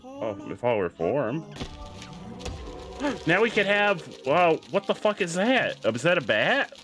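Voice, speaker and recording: A man streaming a video game, talking casually with his viewers, excitable and swearing freely as he plays. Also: a little high, normal speed, over music. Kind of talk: casual livestream commentary while gaming.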